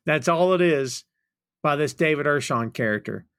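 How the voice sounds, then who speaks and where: A man's voice: fairly high pitch, lively intonation, a little slow, a bit bright, smooth, no room sound, clean studio sound. A man hosting a podcast, chatting casually and retelling film scenes with laughter. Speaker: podcast host.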